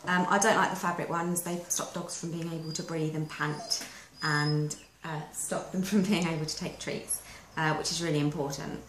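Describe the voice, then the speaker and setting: A woman with a lowish voice walks through dog training in a chatty, practical way. She is recorded in an echoey room with faint background noise. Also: little pitch movement, normal speed, hardly any pauses. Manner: chatty, practical step-by-step explaining. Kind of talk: instructional how-to video.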